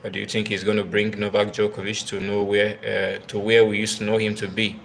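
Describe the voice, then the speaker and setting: A man talks tennis on a live video in a low, gravelly voice. He speaks in halting bursts full of fillers and repeated words. He keeps turning to his viewers to ask for their comments. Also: completely flat delivery, slight background noise. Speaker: tennis live-stream host. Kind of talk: casual live-stream commentary.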